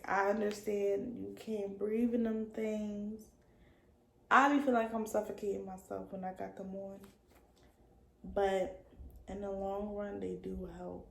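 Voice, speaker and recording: A young woman in her early twenties telling a casual storytime vlog, in slangy talk full of "like" that sometimes trails off soft. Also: mid-range voice, vocal fry. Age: young adult. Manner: casual slangy talk with many likes, drifting soft at times. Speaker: vlogger. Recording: echoey room with faint ambient noise.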